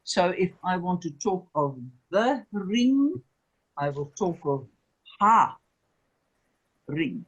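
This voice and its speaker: Very slow, husky-voiced language teacher. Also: medium pitch, expressive, a bit bright, lo-fi sound. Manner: drills words by slow repetition; patient, checks understanding with "okay?" and "remember". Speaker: Hebrew teacher. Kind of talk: classroom lecture.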